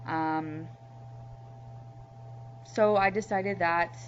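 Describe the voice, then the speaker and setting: A woman vlogger from Louisiana, USA speaks candidly in a personal video diary, heartfelt and rambling with plenty of "you know"s. Her voice is on the low side, with fairly even intonation and drawn-out words. The recording is muffled and lo-fi with a faint hum.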